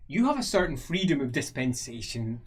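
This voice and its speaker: Male game master, playful narrator, lively melodic delivery. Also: mid-range voice, a little fast.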